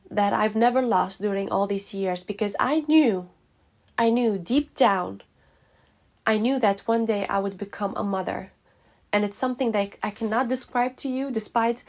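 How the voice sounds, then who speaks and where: Woman, personal vlog storyteller, emotional and sincere, slight vocal fry. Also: on the high side, darkish tone. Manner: emotional, heartfelt, with hesitations. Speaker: vlogger.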